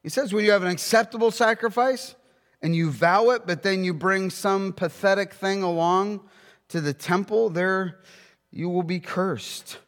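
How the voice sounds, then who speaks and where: A man preaching a sermon, emphatic, with rhetorical questions and slowing down to read scripture. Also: high-pitched, fairly bright tone, long reverb tail.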